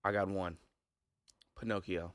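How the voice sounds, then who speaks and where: A man's voice: low voice, fairly even intonation, no room sound. A man co-hosting a sports radio show, joking easily and laughing at his own limits. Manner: laughing, self-deprecating, quick to joke. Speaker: radio co-host. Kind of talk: casual sports radio banter. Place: radio studio.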